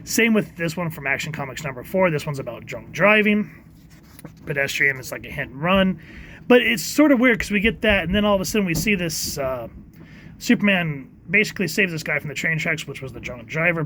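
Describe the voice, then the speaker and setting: A man giving a casual comic book review, halting often with fillers and reading quoted lines in quick put-on voices. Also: on the high side, pushed and bright, a little hiss or hum.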